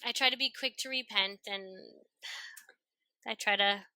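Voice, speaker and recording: A woman in her forties, a podcast guest, talking loudly and expressively in casual conversation. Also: fairly high pitch, clean tone, no room sound, poor audio. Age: 40s. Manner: loud, expressive, talks fast and openly.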